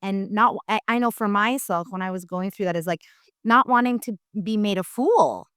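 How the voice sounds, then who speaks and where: A woman's voice: mid-range voice, moderate pace, fairly bright tone, smooth, dry recording, studio quality. A woman hosting a casual interview, talking in a rambling way with many fillers as she searches for words.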